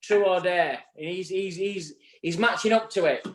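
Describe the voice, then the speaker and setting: High-voiced jokey host. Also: male voice, moderate pace. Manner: jokey, chatty, encouraging. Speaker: podcast co-host. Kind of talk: live show chat.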